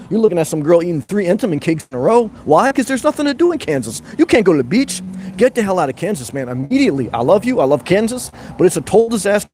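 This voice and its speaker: A brash, jokey man chats fast and loose on a livestream, reading viewer comments and riffing on them with crude humor. His voice sits a little high for a man, and the delivery rattles along at a quick clip. A faint hum of background noise runs underneath. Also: a little mellow. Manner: talks to viewers as brother and guys. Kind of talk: casual live chat.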